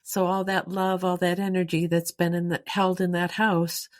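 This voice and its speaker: A woman in a friendly conversation who listens closely and answers with thoughtful, encouraging reflections. Her voice sits very low for a woman. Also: level tone, moderate pace. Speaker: podcast co-host. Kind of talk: casual chat.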